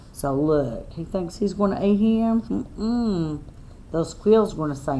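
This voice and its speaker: A woman's voice: mid-range voice, very animated. A woman teacher reads a picture book aloud to young children, asking the class questions as she goes. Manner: slow, sing-song read-aloud with questions to the class.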